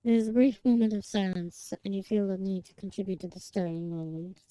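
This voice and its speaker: Woman, streamer, mellow tone, dry close sound, drifting accent, rambling. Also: medium pitch, steady tone, a little fast, smooth, no room sound, rough recording. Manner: slips between accents when narrating; rambling and self-conscious. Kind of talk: reading game narration and chatting.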